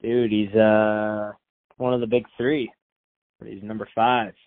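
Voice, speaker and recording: A man co-hosting a podcast in casual chat, excitable and saying "dude" a lot. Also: fairly low pitch, slow, no echo. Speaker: podcast co-host. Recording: dry, tinny phone-like sound.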